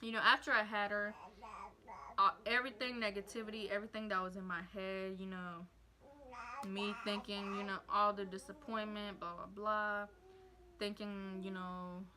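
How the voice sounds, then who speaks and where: Bright-voiced young woman vlogging. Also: mid-range voice, little pitch movement, moderate pace. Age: young adult. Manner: rambling, heartfelt, many fillers. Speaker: vlogger, new mother. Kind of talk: casual story time.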